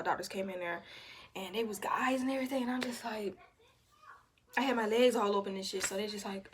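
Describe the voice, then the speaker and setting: A woman's voice: medium pitch, slight background noise. A young woman casually telling her birth story to the camera, candid and profane, acting out what others said. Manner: candid, profane, animated retelling with quoted voices.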